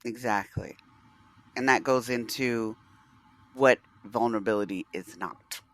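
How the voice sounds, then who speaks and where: A woman co-hosting a podcast in casual conversation, emphatic and quick to affirm her partner. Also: rumbling low, fairly bright tone. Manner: frequent affirming backchannels, emphatic.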